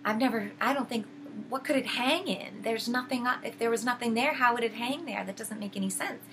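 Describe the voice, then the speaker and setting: A woman voicing a sly female witch who stays nice, calm and coaxing as she questions. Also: mid-range voice, normal speed, background noise, natural voice.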